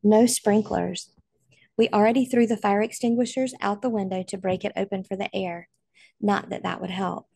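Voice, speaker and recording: A woman voicing a trapped father who speaks slowly, quietly and weakly, his voice trembling. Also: mid-range voice, fairly even intonation, creaky, husky, no room sound, clean studio sound. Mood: weak, resigned. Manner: quiet, weak, trembling, slow.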